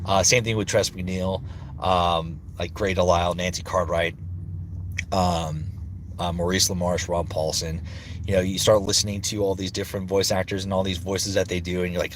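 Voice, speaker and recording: A man's voice: sits low, steady tone, normal speed. A man in his thirties, a voice actor chatting casually on a livestream, rambling and swearing freely. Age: 30s. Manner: rambling, searching for words.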